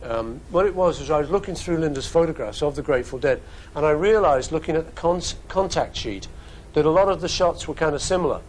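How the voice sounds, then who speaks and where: A man's voice: on the high side, fairly quick, slight background noise, rough recording. Jokey Liverpool man in his fifties. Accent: Liverpool English. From England. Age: 50s. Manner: jokey, chatty, wandering asides. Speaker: host answering fan questions. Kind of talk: casual webcast Q&A. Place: studio.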